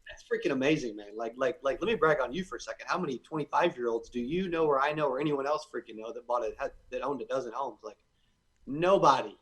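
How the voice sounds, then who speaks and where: Brief: young male guest in his 20s, mid-pitched voice, eager and fast to restart phrases. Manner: energetic, repeats words when starting sentences. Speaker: guest entrepreneur. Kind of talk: casual interview conversation.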